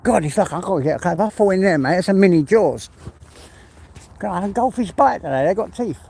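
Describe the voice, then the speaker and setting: A man's voice: high-pitched, animated, brisk, vocal fry, a little mellow, breathy edge. A retired man from England chatting casually to his viewers while walking his dog outdoors, rambling from one thing to the next. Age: older. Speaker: vlogger. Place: outdoors on a rural walk by water.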